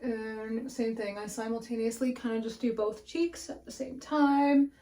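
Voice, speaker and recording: A woman's voice: on the high side, steady tone, a little slow, mellow. A young woman talks through her makeup routine in front of a mirror at home, frank and chatty, with swearing dropped in casually. Her breathing runs a little heavy, and the camera mic picks it up. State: breathing heavily. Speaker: beauty vlogger. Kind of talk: casual makeup tutorial chat.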